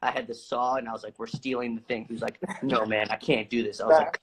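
A man casually telling a long, animated story, swearing freely and acting out the lines he quotes. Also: medium pitch, quick pace, slightly rough, rough recording.

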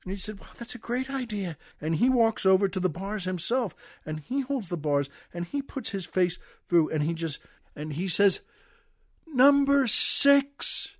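An older American man hosting a comedy show, telling a long joke with folksy, chuckling asides in a relaxed way. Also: high voice, normal speed, no room sound, clean studio sound. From United States. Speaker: podcast host. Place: studio.

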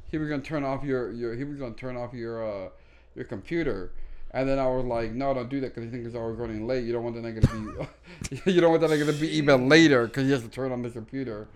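A man's voice: mid-range voice, quick pace. A young man casually chatting as a podcast co-host, rambling and laughing through a profane story. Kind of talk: casual chat.

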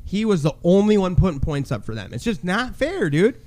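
A man co-hosting a podcast in casual chat, telling a loud, crude story and shouting the lines he quotes. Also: high-pitched, sing-song, a little fast. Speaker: podcast co-host.

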